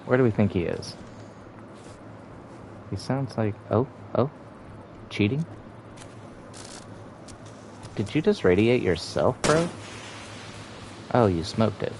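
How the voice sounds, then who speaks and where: A man's voice: fairly low pitch, gravelly, noisy background. A young man streaming a game, giving laid-back casual commentary and humming between remarks.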